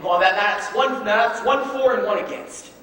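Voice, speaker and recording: A man playing a smooth-talking traveling salesman posing as a professor, with fast, flattering patter in a stage musical. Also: high-pitched. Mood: glib. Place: theater stage. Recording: echoey hall, miked from far off with music.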